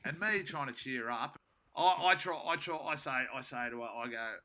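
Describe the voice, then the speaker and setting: A young man tells a story in a loose, rambling way, swearing freely and tripping over his own restarts. His voice is strongly bright and edged. Faint noise sits under the recording. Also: medium pitch, lively intonation, normal speed. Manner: rambling, sweary, self-mocking, lots of restarts. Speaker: comedian guest. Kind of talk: casual storytelling.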